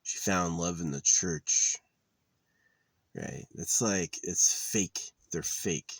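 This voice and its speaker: Young man, deep low voice, dry close sound; halting, bitter, blunt monologue on the edge of tears. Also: fairly even intonation, a bit bright, dry recording. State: tearful. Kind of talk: rambling personal monologue.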